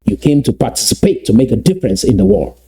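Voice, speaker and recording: A man from Southern Cameroons, giving an emphatic motivational address that repeats and slowly stresses key phrases. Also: mid-range voice, very animated, warm tone, husky. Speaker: activist speaker.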